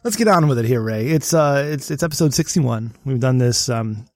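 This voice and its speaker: A man's voice: medium pitch, expressive, brisk, dry recording, clean studio sound. A man hosting a casual podcast, rambling and self-deprecating, swearing freely, his voice a bit worn tonight. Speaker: podcast host. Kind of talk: casual chat.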